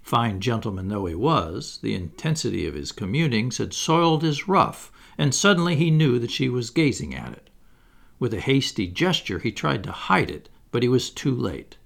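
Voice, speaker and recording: A man reading a children's novel aloud as audiobook narrator, measured and expressive. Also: on the low side, creaky. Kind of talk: storybook narration.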